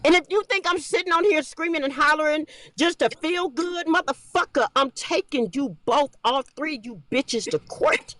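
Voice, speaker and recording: Angry woman, high bright voice, dry close sound, profane livestream rant. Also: moderate pace, hardly any pauses. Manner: furious, profane, shouting and repeating herself.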